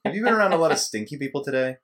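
A man's voice: fairly high pitch, expressive, racing, fairly bright tone. A man hosting a podcast in casual chat, asking playful, teasing questions. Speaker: podcast host.

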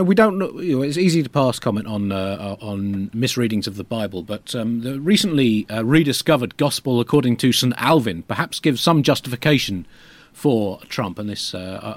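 A man's voice: mid-range voice, dry recording. A man co-hosting a comedy podcast, rambling with fillers and self-amused asides. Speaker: co-host. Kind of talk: comic podcast banter and mock scripture reading.

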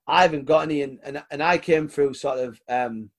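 A man hosting a casual podcast, his voice sitting a little high for a man. He talks in an easygoing way, full of ums and casual swearing, and laughs along with his guest. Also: a little fast. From United Kingdom. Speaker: podcast host.

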